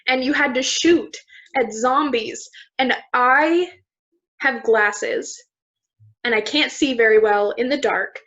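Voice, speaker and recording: A woman's voice: fairly high pitch, slow, a bit bright. Chatty young woman, lo-fi sound. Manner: chatty, laughs often, self-deprecating. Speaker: podcast co-host. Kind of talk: casual chat. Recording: dull lo-fi recording.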